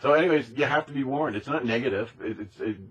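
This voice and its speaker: A man's voice: mid-range voice, fast, slightly rough, muffled recording. A man delivering an impassioned, emphatic monologue, repeating himself and now and then mimicking other people's voices. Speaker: speaker on conspiracy topics.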